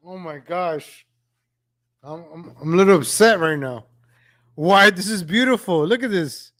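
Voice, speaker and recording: A man's voice: sits high, a bit bright. A man reacting to old street footage, ranting with exasperation and repeating his phrases over and over. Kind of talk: reaction commentary.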